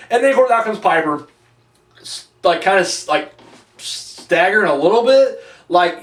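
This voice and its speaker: A man giving a casual, rambling wrestling review, swearing freely and using lots of fillers. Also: a little high. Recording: echoey room, mic at a distance.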